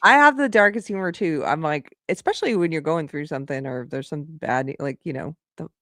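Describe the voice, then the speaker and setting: A woman joining a casual livestream as a guest, reacting quickly and laughing often. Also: low voice, fairly bright tone, no echo, studio quality.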